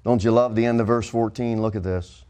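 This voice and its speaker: A man preaching a sermon as pastor, with emphatic swings in pitch and pace. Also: steady tone, fairly quick, mellow.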